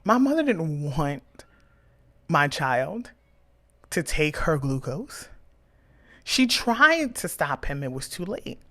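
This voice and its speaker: A woman in her thirties, a podcast host, telling a personal story with emotion and animated quoted dialogue. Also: low voice, slow, long pauses.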